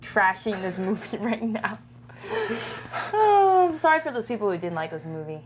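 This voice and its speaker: A young adult woman co-hosting a podcast in casual chat, giving blunt opinions with quick asides and giggles. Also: mid-range voice, big pitch swings, a little hiss or hum. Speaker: podcast co-host.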